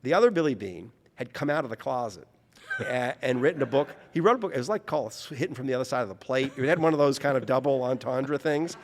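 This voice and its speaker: A man from New Orleans, an author telling an anecdote in conversation, lively and acting out the people he quotes. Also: medium pitch, fast, big-room sound, a little hiss or hum. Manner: animated, mimics voices in his anecdotes. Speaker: author guest. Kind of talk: conversational storytelling.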